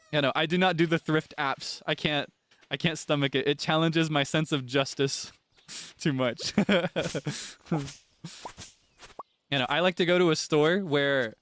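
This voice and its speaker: A man's voice: fairly high pitch, slow pace, long pauses, a bit bright. A young man streaming a farming game, chatting casually, laughing often and breaking into dramatic frustrated outbursts. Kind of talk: casual gameplay chat.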